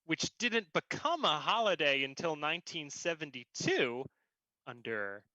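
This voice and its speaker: A man's voice: a little high, big pitch swings, unhurried, sharp tone, dry recording, poor audio. A man co-hosting a casual online trivia quiz, calling on players and teasing them playfully. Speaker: co-host running the quiz.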